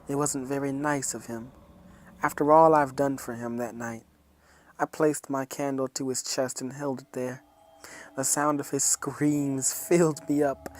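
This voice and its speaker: A man narrating a horror story in a calm, measured reading. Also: medium pitch.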